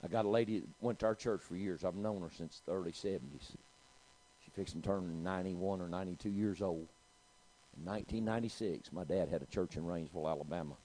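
A man's voice: low voice, fast, warm tone, rough recording. A middle-aged man, preaching a sermon and telling a story, calling out to his congregation. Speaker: pastor.

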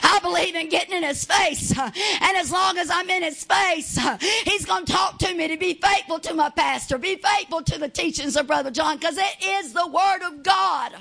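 Woman lay preacher, high voice, fervent shouted sermon with hallelujahs and "God, Lord" prayer cadence. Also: moderate pace, gravelly, few pauses, faint music behind. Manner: prays with constant "God, Lord" interjections. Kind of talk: Pentecostal-style sermon and prayer.

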